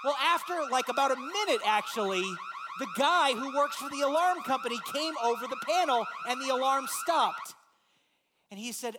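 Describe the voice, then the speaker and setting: Man, pastor, high voice, animated sermon storytelling, acts out his own lines. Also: normal speed.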